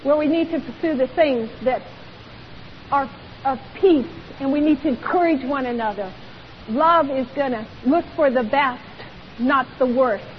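Unhurried and high-voiced, a woman preaches in church, pressing her points emphatically and asking many rhetorical questions. Faint hiss and long hall reverb color the dull, lo-fi recording.

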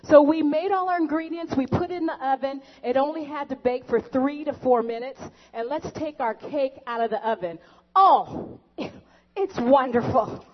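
A woman presenting a comic cooking show skit in a bright presenter tone. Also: sits high, fairly quick, hardly any pauses. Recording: dull recording with long reverb.

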